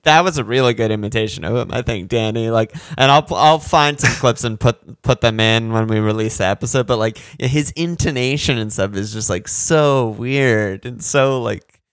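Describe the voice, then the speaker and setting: A man's voice: mid-range voice, normal speed, fairly bright tone, clean tone, dry recording, clean studio sound. A man co-hosting a game podcast in a casual, rambling chat, swearing freely. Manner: rambling, loose, swears often, lots of fillers. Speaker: podcast co-host.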